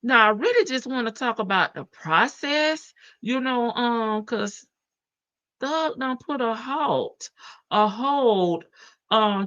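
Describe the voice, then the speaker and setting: Chatty and sassy, this livestream host laughs often and addresses her viewers as baby. Her voice is a little high and a bit bright, though the recording sounds muffled.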